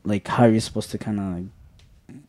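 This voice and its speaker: A young man talks in a mellow, darker tone and leans on "like" constantly. He sounds earnest and encouraging as a podcast co-host. The recording is close and dry. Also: on the low side, steady tone, normal speed, no echo. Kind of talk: casual chat.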